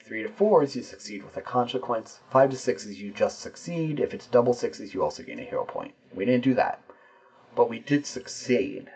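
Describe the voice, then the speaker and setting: A man's voice: mid-range voice, big pitch swings, moderate pace, darkish tone, husky, low-quality recording. A man playing a tabletop game solo, narrating the scene and explaining his dice rolls and rules as he goes.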